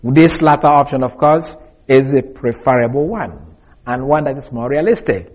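A man teaching from the Bible in a deliberate, explanatory way, pausing often with small fillers. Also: medium pitch, lively intonation, darkish tone, lo-fi sound.

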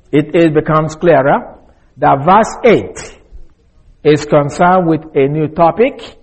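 Husky guy doing a slow careful bible study, voice sits a bit high, keeps repeating the main point. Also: darkish tone, low-quality recording. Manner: deliberate, explanatory, restates key points. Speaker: Bible teacher. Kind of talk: verse-by-verse Bible teaching.

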